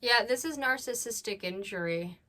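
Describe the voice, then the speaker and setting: A woman's voice: a little high, moderate pace, sharp tone. Blunt scolding woman commentator. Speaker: commentary host. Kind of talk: reaction commentary.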